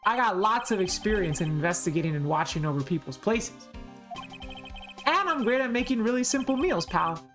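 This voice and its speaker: A woman's voice: medium pitch, expressive, normal speed, a bit bright, faint music behind, natural voice. A woman voicing a scruffy, good-natured adult male detective from a video game, who calls everyone pal. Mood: eager.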